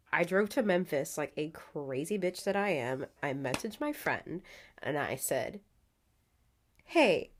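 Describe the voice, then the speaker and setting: Lively, blunt woman telling stories. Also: on the low side. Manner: lively, blunt storyteller with laughs and swearing. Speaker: podcast guest. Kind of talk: casual interview chat.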